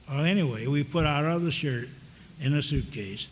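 An older man preaching a storytelling sermon in a folksy, halting way, full of restarts. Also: fairly high pitch. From American South. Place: large church hall with audience. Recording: long reverb of a big hall, faint background noise.

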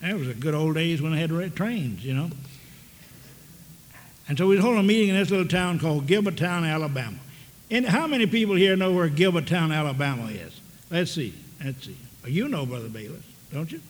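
An older man preaching a storytelling sermon in a folksy, halting way, full of restarts. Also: a little high, lively intonation. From American South. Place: large church hall with audience. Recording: long reverb of a big hall, faint background noise.

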